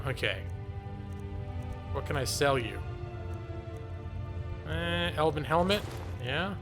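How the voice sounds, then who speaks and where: A man's voice: a little high, expressive, slow pace, over music. A man streaming a video game live, chatting casually in a jokey, self-mocking way and laughing often. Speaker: gaming streamer and lawyer.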